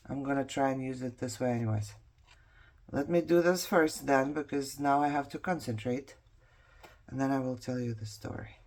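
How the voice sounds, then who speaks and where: Chatting as she crafts, a low-voiced woman whose first language isn't English tells a rambling story, laughing often and talking to herself. She is a craft vlogger.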